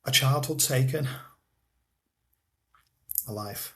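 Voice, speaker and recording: Man, guest, personal story, halting delivery with repeats and soft trailing endings. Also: medium pitch. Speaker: guest telling his life story. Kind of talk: personal storytelling in a podcast interview.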